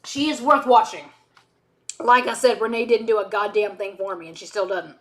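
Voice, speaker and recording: A woman's voice: mid-range voice, fairly even intonation, moderate pace. A woman streaming while she edits, chatting casually in a rambling way with frequent self-interrupting asides. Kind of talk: casual chat while video editing.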